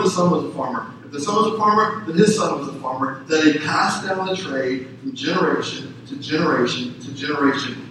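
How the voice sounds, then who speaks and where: Emphatic high-voiced preacher, echoey and distant. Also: male voice, fairly bright tone, slight background noise. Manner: emphatic, repeats phrases for effect. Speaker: pastor. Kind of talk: sermon. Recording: echoey room heard from a distance.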